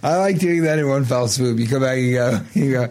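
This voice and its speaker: A man's voice: mid-range voice, fairly quick, a little mellow. A man co-hosting a comedy podcast, telling silly stories and acting out lines playfully. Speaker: podcast co-host. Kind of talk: casual comedic chat.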